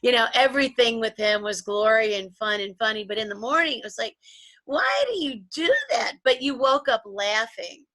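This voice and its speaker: A woman co-hosting a talk show, reminiscing in a rambling, animated storytelling way with frequent restarts. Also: a little high, a little fast, few pauses, dry recording. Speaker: co-host. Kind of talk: casual storytelling chat.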